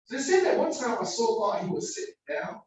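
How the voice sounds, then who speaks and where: A man's voice: very high-pitched, sing-song, fast talker. A man delivers an informal sermon, loose and slangy, slipping into everyday back-and-forth as he preaches. He sounds distant from the mic, and his voice rings around a very echoey hall with a faint hiss beneath. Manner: casual, slangy preaching that acts out everyday dialogue.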